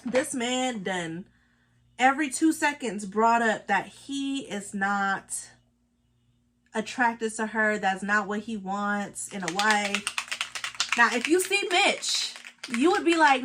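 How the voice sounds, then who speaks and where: A woman's voice: on the high side, expressive, a little slow, a bit bright, a little hiss or hum. A woman, chatting casually and telling gossipy stories with sassy asides while she does her makeup. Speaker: beauty vlogger.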